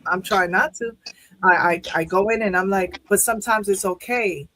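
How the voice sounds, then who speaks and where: A woman's voice: medium pitch, moderate pace, pushed and bright, a little hiss or hum, rough recording. A woman hosting an online poetry show, talking casually and holding back tears. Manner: tearful, laughing through emotion. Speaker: host. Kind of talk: emotional casual chat.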